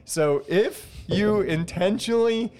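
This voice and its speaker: A man co-hosting a casual chat, wry and quick to tease. His voice is smooth and resonant and sits a touch high. He tells workplace stories with dry humor. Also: darkish tone. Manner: wry, teasing, laughs often.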